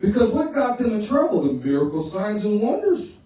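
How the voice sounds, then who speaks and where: A man's voice: high-pitched, sing-song, normal speed, warm tone. A man pastor preaching a sermon in a folksy, conversational way, often repeating his phrases. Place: church sanctuary. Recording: echoey room, voice from far off.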